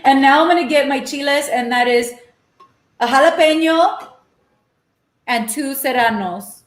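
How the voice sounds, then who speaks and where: A woman's voice: high-pitched, a little slow, echoey room. A young woman from Los Angeles hosting a casual cooking live stream, chatting and ranting while she cooks and slipping in Spanish phrases. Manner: chatty, mixes in Spanish phrases, animated rants. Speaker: cooking show host. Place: home kitchen.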